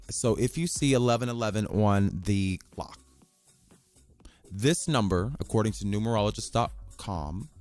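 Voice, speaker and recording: A man hosting a casual solo podcast from his bedroom, rambling and excitable, swearing offhandedly and reading passages aloud from a website. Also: mid-range voice. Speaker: podcast host.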